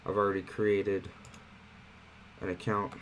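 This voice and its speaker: In a laid-back screen-share tutorial, a man guides viewers through an online marketing platform, chatting conversationally with plenty of fillers. His voice sits fairly low and his pace is unhurried. The audio is poor, with a faint hiss or hum.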